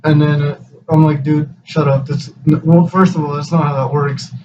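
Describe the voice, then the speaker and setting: A young man in his twenties with a slightly high voice spins a profane, rambling tale. He acts out each friend's lines as he goes. The recording is lo-fi, with him set back from the mic and a clear hiss underneath. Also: moderate pace. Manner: profane, rambling, animated retelling with quoted dialogue. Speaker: podcast host. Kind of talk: casual storytelling chat. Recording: distant mic, dull lo-fi sound with clear background hiss.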